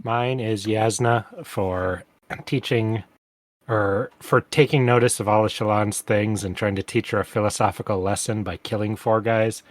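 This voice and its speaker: A man's voice: lowish voice, steady tone, a little slow, no echo. A man co-hosting a casual book-discussion podcast, talking emphatically and argumentatively, cursing freely, recorded on a microphone. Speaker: podcast co-host. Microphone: studio mic.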